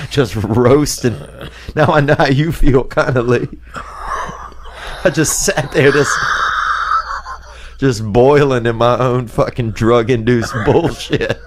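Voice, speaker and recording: A man in casual, profane chat, laid-back and laughing at himself. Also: medium pitch.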